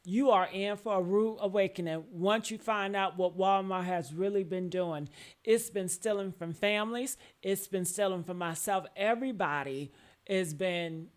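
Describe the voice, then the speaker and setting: A speaker, giving an indignant video intro straight to viewers. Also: mid-range voice. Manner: indignant, addresses viewers as y'all.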